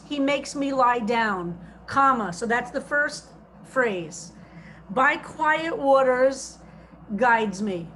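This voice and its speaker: A woman rabbi teaching a text study over a video call, reading translations slowly and stressing each phrase. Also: fairly high pitch, a little hiss or hum.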